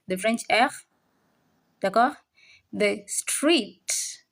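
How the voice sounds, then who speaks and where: A woman teaching a French lesson, saying each word slowly and repeating it for learners to copy. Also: mid-range voice, lively intonation. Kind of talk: classroom language lesson.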